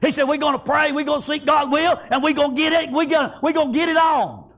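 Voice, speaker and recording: A man's very high voice moves at a quick pace as he preaches with fervor, punctuating his sermon with "praise God," "amen," and frequent shouts.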